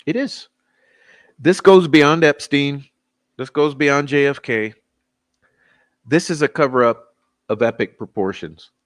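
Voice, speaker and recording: A man hosting a true-crime stream, talking in a sarcastic, excitable, rambling way with many fillers. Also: medium pitch, unhurried, pauses often, no room sound, clean studio sound. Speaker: true-crime channel host. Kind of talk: live-stream commentary.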